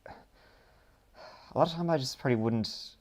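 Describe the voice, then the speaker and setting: Medium-pitched and a little mellow, a Dublin Irish man reads viewer questions on a live stream at a measured pace, answering with many ums and rambling asides. A little hiss or hum is audible.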